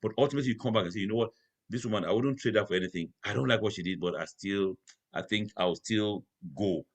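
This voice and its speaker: A man's voice: on the low side, fast. A middle-aged married man speaking candidly and emphatically, often checking that the listener understands. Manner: earnest, emphatic, keeps asking "you understand?". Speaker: married guest. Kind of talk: candid conversational chat.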